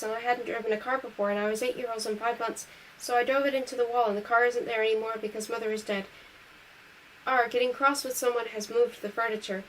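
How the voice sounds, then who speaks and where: A woman reading a novel aloud in a brisk, matter-of-fact first-person voice. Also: a little high. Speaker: reader. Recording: distant mic with faint hiss.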